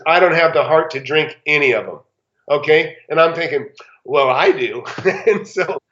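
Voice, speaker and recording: A man, a real estate investor, telling casual stories and acting out the other people's lines with big jumps in his voice. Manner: animated, acts out quoted dialogue with big pitch jumps. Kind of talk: casual anecdotal storytelling. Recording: echoey room, slightly dull sound.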